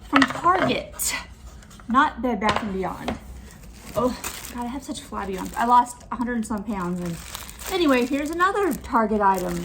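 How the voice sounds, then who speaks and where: A woman's voice: a little high, noisy background. A woman unboxing a returns box on her vlog, talking in a snarky, annoyed way. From California.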